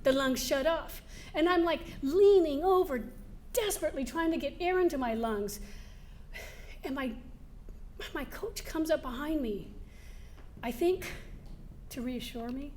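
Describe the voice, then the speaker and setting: Woman with a high voice doing a keynote, lively storytelling, little bit of room noise behind. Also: unhurried, pauses often. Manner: lively, laughing, acts out scenes. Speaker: motivational speaker. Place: event hall before a live audience.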